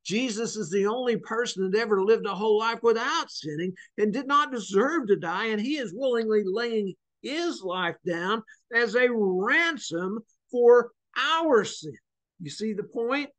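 A man with a notably high voice teaches a church Bible study class. He speaks earnestly, drawing words out and repeating them to drive a point home. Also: expressive, a little slow, fairly bright tone.

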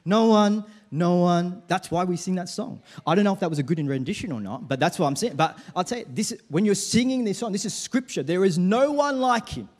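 A man's voice: high voice, animated, fast, hardly any pauses. A man preaching a sermon in church, leading the congregation in call-and-response. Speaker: pastor.

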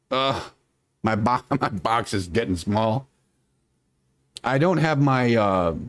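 A man's voice: medium pitch, no room sound. A man hosting a casual political live stream, rambling and sarcastic, muttering to himself as he works his computer and swearing now and then.

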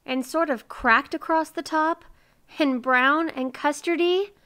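Woman putting on a grumpy old hermit man, weepy, whiny, trembling, bright voice, unhurried. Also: fairly high pitch, animated.

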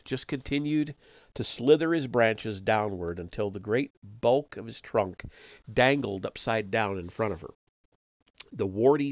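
A man reading a novel aloud on a live stream, steady with small slips and self-corrections. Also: on the low side, dry recording, lo-fi sound. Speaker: audiobook reader on a live stream.

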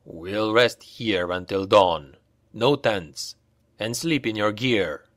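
A man puts on a stern, gruff sergeant for an audiobook reading, barking orders in a low, slow, drawn-out voice. The sound is dry and close, with no room around it. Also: fairly bright tone, dry recording. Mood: curt. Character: stern hard-driving male soldier sergeant.

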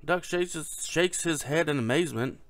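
Tired man, short on sleep, gravelly voice, laid-back rambling joke teller. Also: a little high, normal speed, fairly bright tone, no echo. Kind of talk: casual joke telling.

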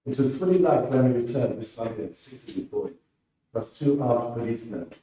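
A man, a writer, reading his prose aloud in a steady, measured way at a presentation. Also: medium pitch. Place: presentation room. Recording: roomy hall from far off.

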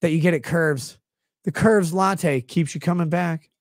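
A livestream commentator delivers a long, sarcastic rant, full of exasperated swearing. The voice sits at a middling pitch. The sound is dry, with no room echo. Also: a little slow. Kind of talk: profane comedic rant.

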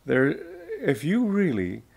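A man's voice: mid-range voice, huge pitch swings, creaky, a little mellow, slightly rough. An older American man, a spiritual teacher, giving an informal talk to an audience, telling stories and laughing often as he goes. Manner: slow, chuckling storyteller.

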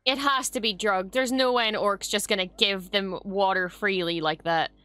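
A woman hosting a reaction video, excitably commenting, gushing and swearing freely. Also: medium pitch, normal speed, smooth, no room sound.

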